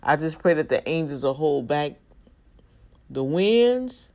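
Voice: mid-range voice, very animated, slow pace, darkish tone. Emphatic preachy vlogger. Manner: emphatic, preachy, with prayerful asides. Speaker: vlogger addressing regular viewers. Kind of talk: casual monologue with urgent warnings.

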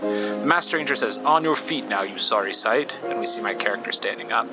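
Chatty male podcast host over loud music. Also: fairly low pitch, lively intonation, brisk. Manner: chatty, rambling, with frequent fillers. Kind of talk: casual let's-play commentary reading game text aloud.

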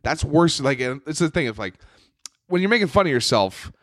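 A man's voice: a little high, expressive, a little fast, dry recording, clean studio sound. A young man telling a rambling, profane story in casual chat as a podcast co-host. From New York.

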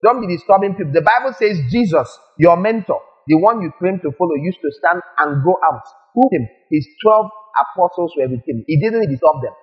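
A male preacher giving a lively sermon, firing rhetorical questions at the congregation and acting out little scenes. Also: high-pitched, a little fast, few pauses, highs cut off.

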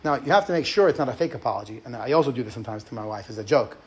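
Speaking very fast and expressively, this rabbi and podcast host has a medium-pitched, slightly rough voice. The middle-aged man talks earnestly but conversationally about marriage in a teaching episode, performing brief example quotes.

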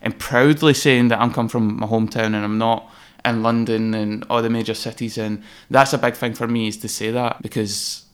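A man's voice: mid-range voice, moderate pace, few pauses, clear, resonant tone. A Scottish man, a designer guest on a podcast, telling personal stories candidly and casually, swearing now and then. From Scotland. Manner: candid, swears freely, animated when reliving moments. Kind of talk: casual interview storytelling.

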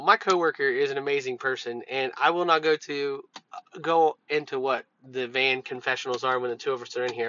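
Bright-voiced man telling profane stories. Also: medium pitch. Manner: loose and profane, with many fillers. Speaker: podcast host telling work stories. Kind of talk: casual storytelling monologue. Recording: dull lo-fi recording.

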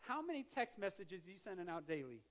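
A man's voice: sits high, sing-song, quick pace, fairly bright tone. A male pastor giving a conversational sermon, with joking asides and restarts. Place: church sanctuary.

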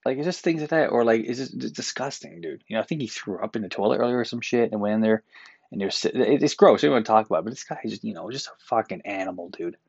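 Man, from Newfoundland, podcast host, exasperated profane rant, lowish voice, dry room. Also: animated, fast talker, creaky, a little mellow, breathy edge, no room sound, dull audio. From Newfoundland, Canada. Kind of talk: casual solo podcast rant. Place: apartment room.

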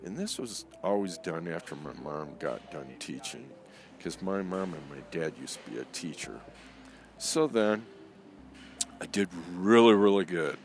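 A man with a very deep, gravelly voice tells a story slowly and unhurriedly. His delivery swings up and down with lively pitch as he acts out the people in it. Clear music plays behind him. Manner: animated, acts out quoted voices. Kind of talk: casual spoken storytelling.

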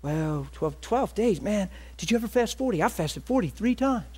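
A man preaching a sermon, animated, with quick asides and rhetorical questions. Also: high voice, breathy edge. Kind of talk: sermon with storytelling.

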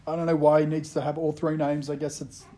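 A pastor giving a sermon in a relaxed, humorous storytelling way, often joking with the congregation. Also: male voice, fairly high pitch, fast talker.

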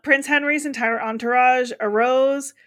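A woman's voice: high-pitched, steady tone, a little slow, fairly bright tone. An American woman co-hosting a casual podcast, chatting and laughing often as she tells drink history. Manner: chatty, laughs often, reads quotes aloud. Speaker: podcast co-host.

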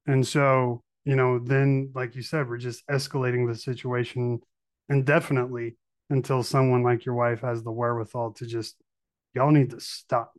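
Flat-voiced podcast host talking candidly. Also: male voice, mid-range voice, normal speed, no echo. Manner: candid, admits his own faults. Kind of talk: casual conversational.

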